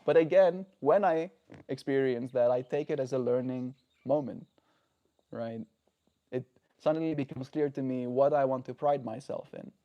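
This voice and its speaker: A man's voice: medium pitch, gravelly, warm tone, highs cut off. A man talking earnestly and reflectively on a daily livestream, often checking in with the listener. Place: home.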